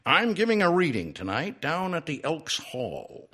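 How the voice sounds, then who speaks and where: A man's voice: a little high, huge pitch swings, measured pace, bright, forceful tone, voice pushed up, exaggerated voice. A man reading the part of a brash, wisecracking talking horse in a cheeky, breezy manner.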